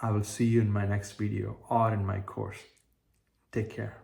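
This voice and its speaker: A man's voice: lowish voice, little pitch movement, a little fast, vocal fry, a little mellow. A man giving an earnest, repetitive motivational self-help talk, explaining his ideas through everyday examples with frequent fillers and restarts. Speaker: manifestation coach. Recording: roomy echo.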